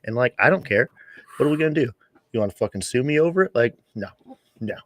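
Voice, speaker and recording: A man's voice: mid-range voice, animated, fast, a bit bright, no room sound. A man co-hosting a casual podcast chat, telling a story bluntly and with plenty of swearing. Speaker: podcast co-host.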